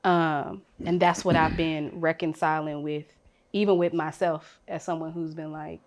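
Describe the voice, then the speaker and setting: Woman getting real in a group convo, goes quiet then loud, super frank. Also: sits low, flat delivery, normal speed. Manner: emotional, frank, swings from soft to loud. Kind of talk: candid panel conversation.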